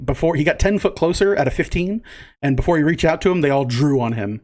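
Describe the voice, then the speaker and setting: A man's voice: a little high, fast talker, darkish tone. A man running a tabletop game as game master, describing scenes in loose narration full of fillers.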